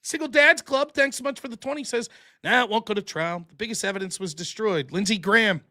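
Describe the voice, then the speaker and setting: A man hosting a podcast in casual chat, reading viewer messages and joking around. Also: sits high. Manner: animated, joking, quick to laugh. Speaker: podcast host reading super chats.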